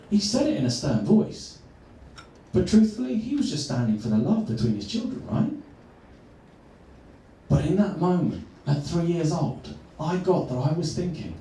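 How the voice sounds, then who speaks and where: A man, a coach, telling a personal story earnestly and slowing down for emphasis. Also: a little high, sing-song, mellow. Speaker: transformational coach. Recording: echoey room, far from mic.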